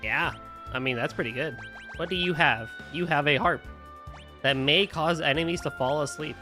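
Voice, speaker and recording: A man's voice: a little high, normal speed. A man streaming a game and chatting casually, laughing and reading the on-screen text aloud. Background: faint guitar game music.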